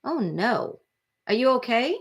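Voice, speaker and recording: A woman's voice: mid-range voice, a little slow, pushed and bright. A woman in her forties hosting a true crime livestream, chatting casually and rambling sympathetically as she reads viewer comments.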